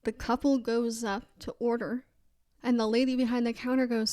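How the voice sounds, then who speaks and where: A woman's voice: on the high side, level tone, normal speed, mellow, dry recording. A young adult woman hosting a casual faith podcast, telling a story in a chatty way and quoting other voices. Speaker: podcast host.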